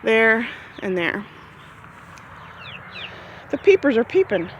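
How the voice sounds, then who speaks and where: A woman's voice: expressive, a little slow, pauses often, a little hiss or hum. Chatty woman touring her backyard garden. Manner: chatty and rambling, talks to her chickens in a high sing-song. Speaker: gardening vlogger. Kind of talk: casual garden tour. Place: outdoors in a backyard garden near chickens. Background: birds and chickens clucking faintly.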